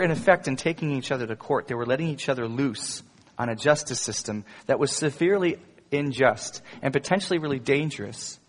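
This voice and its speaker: A male pastor preaching a sermon in an animated way, rising into emphatic quotes. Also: mid-range voice, breathy edge. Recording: echoey hall, long reverb.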